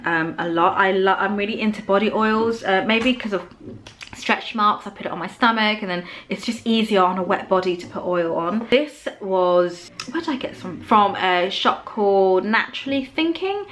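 A woman's voice: medium pitch, normal speed, a bit bright, a little hiss or hum. A young woman vlogging, chatting casually through a show-and-tell of her products with lots of ums and likes. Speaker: beauty vlogger.

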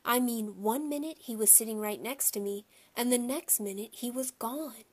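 A woman's voice: on the high side, normal speed, darkish tone. Woman reading a children's book aloud. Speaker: audiobook reader.

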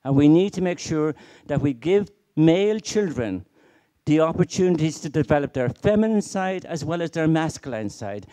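A man's voice: on the high side, dark tone. A middle-aged man giving a conference keynote, emphatic and full of rhetorical questions and stories. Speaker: keynote speaker.

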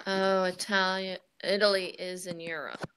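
A woman student in an online class, translating slowly and hesitantly. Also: on the low side, level tone, smooth. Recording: loud noisy call audio.

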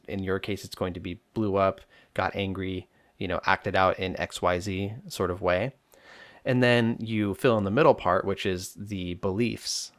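A male psychologist hosting a self-help podcast, explaining coping steps to the listener in a relaxed, direct way. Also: on the low side, no room sound, clean studio sound.

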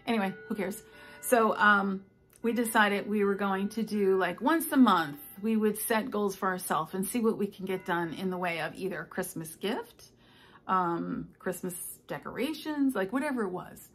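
A woman's voice: mid-range voice, moderate pace, a bit bright, faint music behind. A woman in her sixties chatting casually at home about her stitching projects, rambling with many fillers. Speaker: stitching vlogger. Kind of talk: casual chat. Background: household noises, clock and ice maker.

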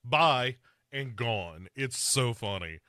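Man, podcast host, casual movie recap, mocking character asides, bright forceful tone, dry close sound. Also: medium pitch, expressive, slow, no echo.

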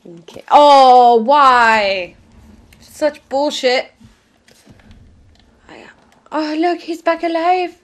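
A woman's voice: sits high, drawn-out words, pauses often. A young woman swearing her way through gameplay commentary, bursting into shrieks and laughter. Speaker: gaming video host.

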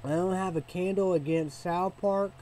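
A man from Illinois ranting in a halting, repetitive way, sometimes bursting into loud excited shouting. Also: high-pitched, slight background noise, rough recording. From Illinois, United States. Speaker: vlogger. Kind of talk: rambling casual rant.

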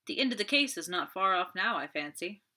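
A woman's voice: mid-range voice, animated, fairly quick, pushed and bright. A woman voicing a smug, dandified young detective in an audiobook, airy and sneering.

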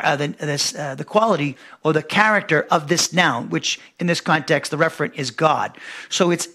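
A middle-aged male pastor teaching a Bible lesson verse by verse. He reads scripture, then explains Greek words in a measured way, often pausing with fillers and restarting his sentences. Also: a little high, sharp tone.

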